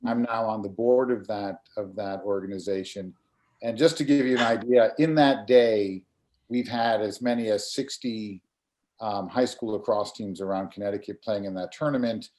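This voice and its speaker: A middle-aged man, a graphic designer and community volunteer, talking casually in an online community meeting over a video call. He speaks earnestly and haltingly, often repeating words as he gathers his thoughts. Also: fairly low pitch, a little mellow.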